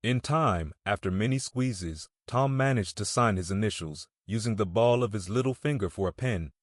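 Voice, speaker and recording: Low-voiced man narrating an audiobook. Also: expressive, no echo, clean studio sound. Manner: measured storytelling reading. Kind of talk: scripted narration.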